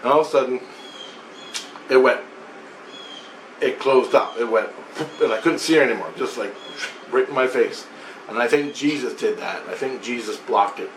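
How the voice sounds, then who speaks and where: A man rambles through a personal story in an animated, repetitive way, his voice at an everyday middle pitch. The room around him is roomy and echoey, with a faint ambient hum. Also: normal speed, long pauses. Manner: rambling, animated, repeats himself. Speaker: vlogger. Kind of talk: casual spoken account.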